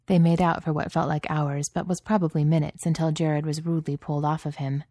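A woman reading a story aloud in calm, even narration. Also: sits low, brisk, no room sound. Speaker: audiobook reader.

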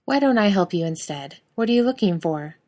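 A woman voicing an unflappable male head cashier with a smooth, indulgent manner. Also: medium pitch, lively intonation, a little fast, mellow, close to an everyday voice. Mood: wry.

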